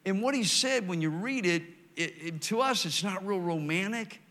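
An older man delivers a folksy sermon full of stories. His voice is bright and slightly high, and he moves between loud emphatic declarations and quiet, slow passages. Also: lively intonation. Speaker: preacher.

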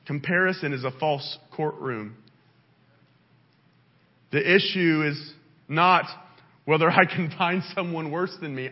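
A male pastor delivering a sermon in a church, with an impassioned delivery that swings up and down in pitch. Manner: impassioned, pitch rising and falling widely. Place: church sanctuary. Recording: dull lo-fi sound.

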